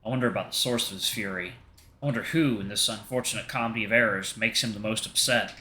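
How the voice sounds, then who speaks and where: Bright-voiced man reading a game aloud. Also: on the low side, a little hiss or hum. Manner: steady, expressive narration. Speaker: gaming channel host. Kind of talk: reading a visual novel aloud. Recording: roomy echo.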